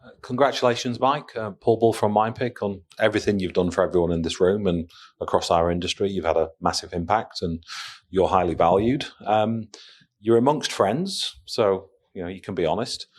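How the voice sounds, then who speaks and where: Low-voiced man asking from the audience. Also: moderate pace. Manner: warm, hesitant with fillers. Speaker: audience member asking a question.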